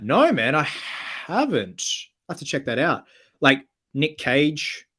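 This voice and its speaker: A man's voice: mid-range voice, animated, moderate pace, a bit bright. Upbeat guy on a livestream reading chat questions out and answering, casual, mid voice. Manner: upbeat, chatty, reads viewer comments aloud and replies. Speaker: cosplayer hosting a livestream.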